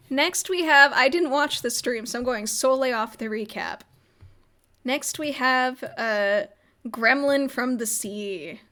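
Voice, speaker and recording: A woman's voice: high-pitched, fairly bright tone. A young woman casually recapping a roleplay server on her livestream, rambling and giggling with lots of filler words. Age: young adult.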